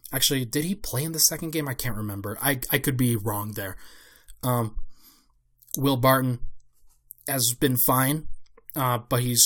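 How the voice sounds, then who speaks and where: A man's voice: mid-range voice, a bit bright. A young man giving a solo casual basketball analysis as a podcast host, thinking aloud with fillers and restarts.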